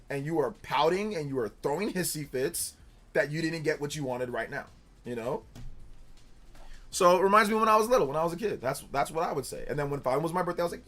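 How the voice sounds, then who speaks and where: A young man hosting a casual livestream, chatting loosely and reading viewer comments aloud in a rambling, animated way. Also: sits high. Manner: rambling and animated, with filler words and restarts. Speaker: streamer host.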